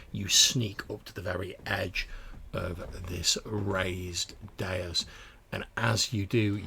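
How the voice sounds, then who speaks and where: A man's voice: fairly low pitch, creaky, sharp tone, slightly rough. A man narrating a tabletop game as game master, in a casual, filler-heavy way.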